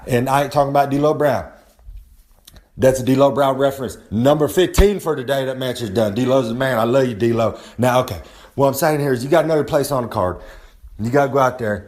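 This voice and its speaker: A man's voice: mid-range voice, fairly quick, a little mellow. A man giving a rambling, boastful wrestling-style promo outdoors. He talks about himself in the third person, swears casually and gets worked up as he goes. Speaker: recurring segment presenter. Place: outdoors on a humid day.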